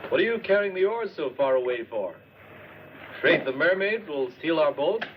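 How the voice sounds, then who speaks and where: A man's voice: fairly high pitch, expressive, normal speed, lightly acted. An actor playing an easygoing man on an island work crew, teasing his partner. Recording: dull noisy old film soundtrack.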